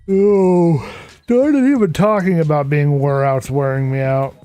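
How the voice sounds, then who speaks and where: A tired, worn-out Minecraft streamer with a fairly high, sing-song voice talks at a moderate pace while building, a little mellow in a dry recording. He rambles to himself and greets viewers in chat over background game music.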